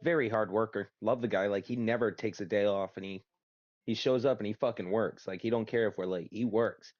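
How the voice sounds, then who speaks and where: A man's voice: on the low side, fairly even intonation, a little fast, a little mellow, no echo, lo-fi sound. A man chatting casually with friends over an online game, telling a long story with cursing and frequent restarts. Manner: rambling, profane storytelling with many restarts.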